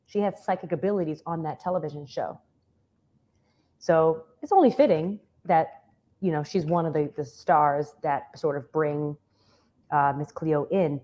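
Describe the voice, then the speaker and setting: A woman from Miami co-hosting a casual talk show, chatty and animated as she tells a story. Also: deep voice, unhurried.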